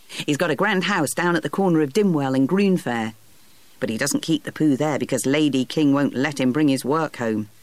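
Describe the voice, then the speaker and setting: A storybook narrator voicing a proud, streetwise urchin boy who talks in a boastful, brisk way. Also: medium pitch, dry recording, natural voice.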